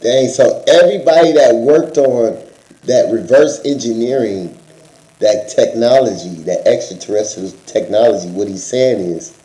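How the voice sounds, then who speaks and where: A man's voice: mid-range voice, moderate pace, dark tone, echoey room, low-quality recording. A man co-hosting in casual chat, slangy and joking, talking straight to viewers. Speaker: co-host.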